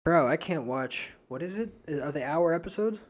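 A young New man with a fairly high voice rambles through a casual podcast chat. He swears constantly and breaks into laughter often. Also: expressive, normal speed. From New Hampshire. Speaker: podcast co-host.

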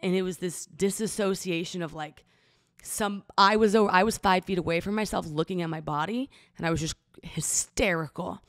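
A young woman with a low voice shares a personal story on her podcast, close to tears. She talks haltingly, restarting sentences and leaning on filler words. The sound is dry and close, with no room around it. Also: no room sound. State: emotional, near tears. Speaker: podcast host. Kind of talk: personal confessional monologue.

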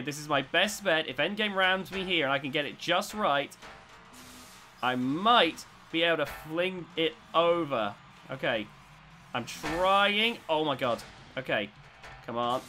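A man giving excitable commentary as he plays a robot combat video game, swinging between tense muttering and loud cheering. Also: fairly high pitch, unhurried, faint music behind. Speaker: gaming YouTuber.

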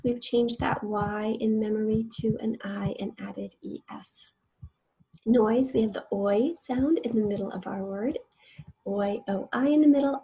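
Breathy woman teaching a spelling lesson. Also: fairly high pitch, dark tone, poor audio. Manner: patient, explains step by step, sounds out word parts.

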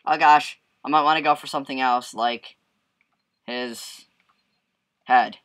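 Guy doing a let's play, bright sharp voice, yelps and laughs a lot, hums along. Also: mid-range voice, measured pace. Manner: excitable, bursts into yelps and laughs, hums to himself. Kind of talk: casual gameplay commentary.

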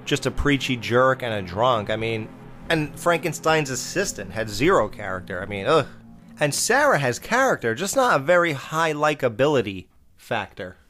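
A man's voice: medium pitch, big pitch swings, normal speed, sharp tone, soft background music. A man in a casual horror-film review monologue, blunt and profane, exclaiming and mocking the characters. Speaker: podcast host reviewing horror films.

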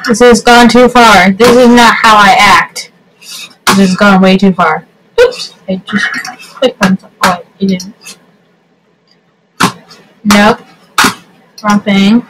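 A woman vlogging casual reaction commentary at home by her computer, excitable and giggly, with lots of fillers. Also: mid-range voice, slow, long pauses, background noise. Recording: music playing underneath.

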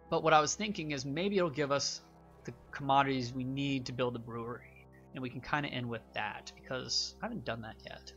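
A man's voice: medium pitch, a bit bright, lo-fi sound. A young man hosting a gaming channel, giving casual, rambling game commentary with many fillers.

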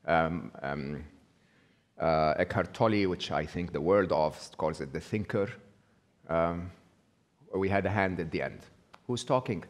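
An Egyptian-accented man with a fairly low voice speaks to a live audience. He keeps asking them questions and stumbles through fillers and restarts as he goes. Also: measured pace, long pauses. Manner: interactive, asks the audience questions; acts out the inner voice in quotes. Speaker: speaker giving a talk.

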